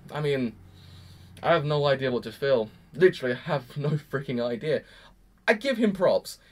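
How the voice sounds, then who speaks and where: A man's voice: mid-range voice, animated, normal speed. A young man rambling through an emphatic, exasperated reaction review. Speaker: anime reviewer. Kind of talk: casual reaction commentary.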